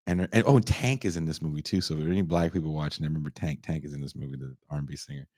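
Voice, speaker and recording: A man's voice: rumbling low, darkish tone, dry recording, clean studio sound. A young man hosting a podcast, retelling a film's plot in a profane, sarcastic way and briefly acting out the characters. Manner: profane, sarcastic, acts out characters in quick voices. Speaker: podcast host reviewing a film. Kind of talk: casual comedic retelling.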